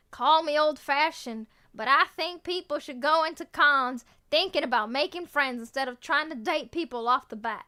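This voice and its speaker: A young woman VTuber chats casually with her viewers, answering them in a playful, teasing way, laughing often and cutting herself off mid-sentence. Her voice is high-pitched, pushed and bright, clear and resonant, and she talks fairly quickly with few pauses.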